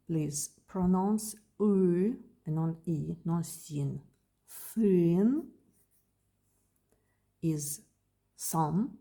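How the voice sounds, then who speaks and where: Woman, Russian accent, language teacher, very slow, gravelly, breathy. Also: lowish voice, mellow. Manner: slow, repeats each word carefully. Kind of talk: slow beginner language lesson.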